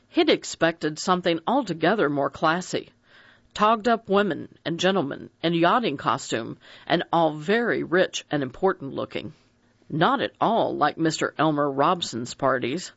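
Dramatic audiobook reader, pitch jumps around a lot, dry dull sound. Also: no room sound. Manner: expressive, dramatic reading. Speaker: narrator. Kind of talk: audiobook narration.

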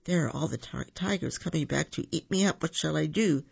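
A man voicing a small, frightened boy who pleads eagerly, in a storybook reading with a husky voice on a dull recording. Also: a little high, brisk, heavily acted. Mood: pleading.

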